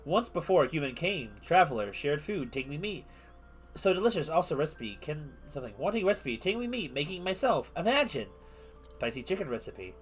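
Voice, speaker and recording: A man plays a young beastling boy from a fantasy game, a simple and eager creature who speaks only in short, clipped fragments. His pitch swings widely from word to word, and soft game music plays underneath. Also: sing-song, a little fast. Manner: broken, clipped baby-talk phrases.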